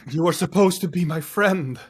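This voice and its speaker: Give them a man doing a hurt, accusing shapeshifter, a little higher than his own voice and cutting. Play the betrayal, not a monster. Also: moderate pace. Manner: reproachful, wounded. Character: creature wearing a friend's face, hurt and accusing.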